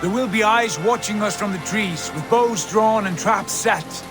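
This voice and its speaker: A measured, commanding Viking jarl. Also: male voice, high voice, over music. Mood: calm. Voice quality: measured, authoritative. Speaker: jarl leading a landing party. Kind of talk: video game voice acting.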